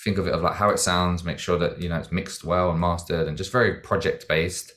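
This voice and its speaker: Male guest, very low voice, relaxed rambling reflection. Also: brisk. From Britain. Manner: reflective, rambling with many fillers and restarts. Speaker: podcast guest, dancer and singer. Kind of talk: casual interview chat.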